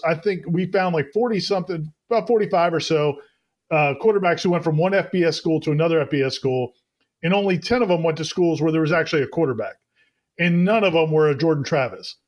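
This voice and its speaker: A man co-hosting a casual sports podcast, explaining things in detail and rambling a little. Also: on the high side. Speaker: podcast co-host.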